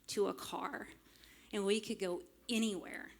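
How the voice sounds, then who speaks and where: A woman, telling a humorous personal story live on a club stage into a microphone, lively and self-mocking with frank swearing. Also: mid-range voice, normal speed, gravelly. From small town in Arkansas, US. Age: late 30s. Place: stage of a small music club. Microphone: stage microphone fed straight from the soundboard.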